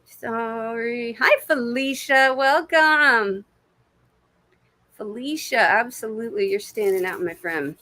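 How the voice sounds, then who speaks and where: A woman doing intuitive readings hosts a laid-back livestream from her couch at home, chatty and cursing without restraint. She speaks slowly in a bright, forceful voice that's a little high.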